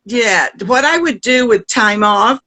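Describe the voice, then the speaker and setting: An older woman with a Southern US accent, a guest singer telling stories in an interview, lively and often laughing, with restarts. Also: on the high side, unhurried, rough recording. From American South. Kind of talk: storytelling in a conversation.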